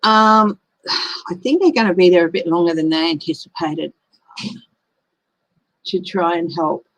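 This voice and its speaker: A woman's voice: fairly low pitch, a little slow, low-quality recording. A woman, hosting a casual tarot livestream and chatting in a rambling way while she thinks aloud. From Australia. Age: 50s.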